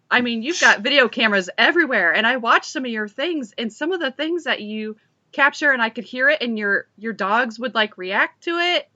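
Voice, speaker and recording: A woman's voice: on the high side, bright, forceful tone, dull audio. A woman hosting a radio interview, chatting casually with many fillers over a video call. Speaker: radio show host.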